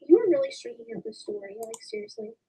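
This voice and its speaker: A woman's voice: very high voice, expressive, fast talker, vocal fry, warm tone. A young woman chatting casually on a stream, playful and teasing. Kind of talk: casual chat. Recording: distant voice with faint noise.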